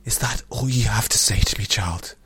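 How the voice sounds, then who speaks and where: A man's voice: fairly low pitch, normal speed, fairly bright tone, breathy edge. A man reading an audiobook and voicing a stern, guarded middle-aged queen mother, with clipped, commanding lines held under tight restraint. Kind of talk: audiobook character voice.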